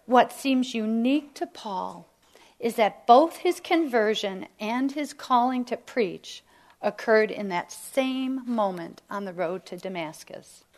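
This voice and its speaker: Slow, emphatic woman Bible teacher. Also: fairly high pitch, animated. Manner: slow, emphatic, drops to near whisper at key lines. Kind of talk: women's Bible study teaching.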